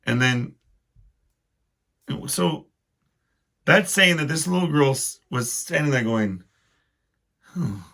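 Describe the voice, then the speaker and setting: Gravelly man rambling on a podcast. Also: a little high, lively intonation, slow, pauses often, pushed and bright. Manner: rambling, self-deprecating, wry complaints. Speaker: podcast host. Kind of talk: casual solo monologue.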